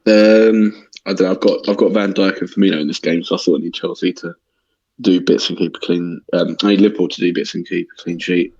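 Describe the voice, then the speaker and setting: A man's voice: low voice, steady tone, fairly quick, a little mellow, dry recording. A young man chatting on a podcast in a laid-back, hesitant way, swearing now and then. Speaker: podcast co-host. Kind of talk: casual chat. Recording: dull lo-fi sound.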